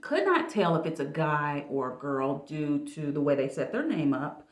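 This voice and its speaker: A low-voiced woman coach gives dating advice in a loose, chatty vlog manner. Her voice bounces around an echoey room, as if picked up by a camera a little way off. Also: normal speed. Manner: chatty, casual, animated. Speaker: life coach.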